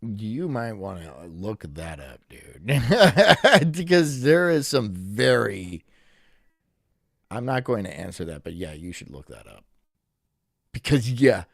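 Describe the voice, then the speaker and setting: A man's voice: fairly low pitch, very animated, slow pace, creaky, no room sound, clean studio sound. A man hosting a live stream, chatting casually and mocking himself as he rambles and laughs at his own jokes. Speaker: streamer host. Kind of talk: casual live-stream chat reacting to a video.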